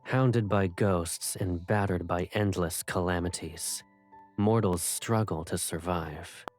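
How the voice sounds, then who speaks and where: An actor playing a devoted, protective young man in a video game, speaking slowly and solemnly with a soft husky voice. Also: low voice, soft background music.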